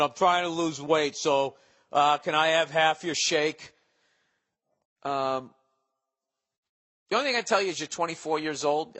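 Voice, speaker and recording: A man's voice: mid-range voice, fairly bright tone, in a large hall. A man in his forties hosting a podcast, rambling through listener mail in a profane, sarcastic, comedic monologue. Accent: Boston. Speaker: podcast host.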